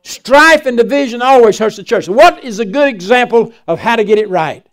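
Older man, preacher, high-pitched voice, loud emphatic sermon. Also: expressive, moderate pace. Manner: swings from loud emphatic preaching to quiet storytelling.

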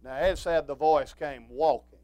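A man preaching a sermon, swinging from quiet talk up to shouted preaching. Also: a little high, normal speed, slight background noise.

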